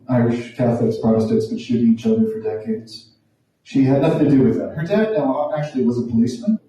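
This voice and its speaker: A man in his forties tells a stand-up story in a wry, self-deprecating, conversational way. His voice is deep-toned and mellow. The mic sits some way off, in a very echoey room. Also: far from the mic, lo-fi sound. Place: small theatre room.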